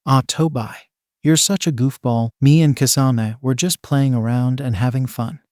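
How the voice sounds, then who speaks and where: A man's voice: mid-range voice, fairly even intonation, normal speed, darkish tone, no echo, clean studio sound, natural voice. A man voicing a hotheaded teenage boy who fights with explosives, speaking in a snappy, irritable way. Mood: fake cheerful.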